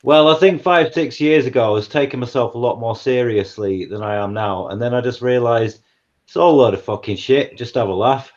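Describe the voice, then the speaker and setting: A man's voice: medium pitch, fairly quick. A man, chatting bluntly and laid-back, swearing freely. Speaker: battle rapper. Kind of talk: casual chat. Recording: dull lo-fi sound.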